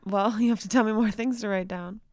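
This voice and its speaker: A woman's voice: medium pitch, fairly even intonation, brisk, darkish tone, no room sound, clean studio sound. A woman co-hosting a podcast, chatting casually and giggling. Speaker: co-host taking notes.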